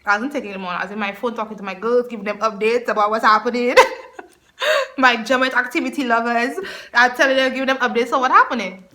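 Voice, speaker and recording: A young woman telling a personal story to her camera, chatty and animated, breaking into laughter often. Her voice sits high and sounds bright and clear. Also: quick pace. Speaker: vlogger. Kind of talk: storytime vlog.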